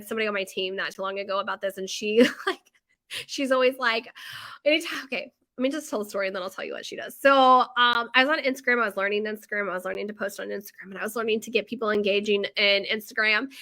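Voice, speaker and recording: A chatty middle-aged woman hosting a casual live video. Her voice is bright and forceful and sits a little high. She rambles through stories with lots of fillers and quick asides. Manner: chatty, animated storyteller with frequent fillers. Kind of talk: casual live-stream chat.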